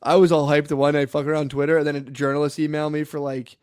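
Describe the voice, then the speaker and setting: A man's voice: fairly high pitch, level tone, racing, a little mellow, clean tone, no room sound, clean studio sound. A man in casual podcast banter, profane and saying "dude" constantly. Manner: profane, says "dude" a lot. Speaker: podcast co-host.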